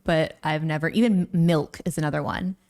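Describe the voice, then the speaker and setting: A Canadian woman co-hosting a casual chat, playful and quick to laugh. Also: low-pitched, steady tone, darkish tone. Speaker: co-host.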